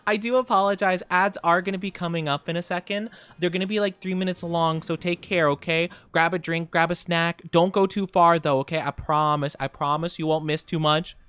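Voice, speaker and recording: A man streaming a game, chatting playfully and reacting to viewers in a lively, chatty way. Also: a little high, fairly quick, clean tone, no echo. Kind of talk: casual gaming stream chat.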